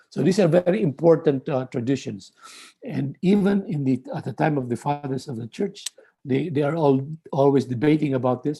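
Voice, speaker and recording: A man lecturing on theology in a measured way, often repeating words and restarting phrases. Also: medium pitch, gravelly, warm tone, breathy edge.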